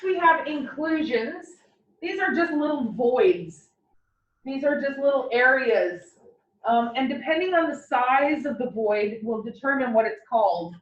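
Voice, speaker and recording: A woman anatomy instructor giving a classroom lecture, explaining with playful, animated analogies. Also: high-pitched. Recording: roomy, distant, dull lecture recording.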